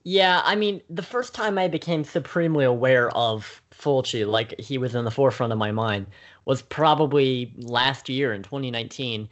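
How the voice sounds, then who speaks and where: Man, young adult, podcast co-host, measured, thoughtful, frequent ums. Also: medium pitch. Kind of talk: casual conversation.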